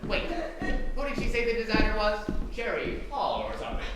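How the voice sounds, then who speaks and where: A hammy, clueless male pageant announcer, played by a man on a community stage. He cracks corny jokes in a high voice that leaps all over the place. The sound comes from far away in an echoing hall, with loud noise underneath. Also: fairly quick. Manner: jokey, hammy, excitable. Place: theater stage. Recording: echoey hall, distant and noisy.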